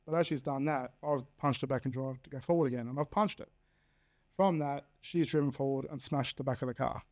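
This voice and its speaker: With a darkish tone and medium pitch, this Australian man in his thirties speaks a little fast. He is a podcast guest giving a blunt, candid account of his life, swearing freely and performing quoted dialogue.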